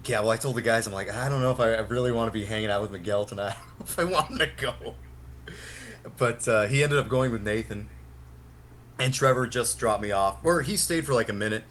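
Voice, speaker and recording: A man's voice: on the low side, a little fast, fairly bright tone, a little hiss or hum. A young man on a podcast telling a long, rambling anecdote with plenty of swearing and laughter. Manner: rambling, profane, laughs often. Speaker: podcast co-host. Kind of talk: casual storytelling chat.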